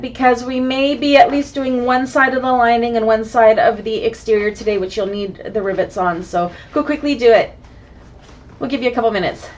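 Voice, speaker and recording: A woman with a cold, raspy and sniffly, chatting through a live online bag-making class and greeting viewers by name. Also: fairly high pitch, normal speed. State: sick with a cold, hoarse and sniffly. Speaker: bag-making sewing instructor.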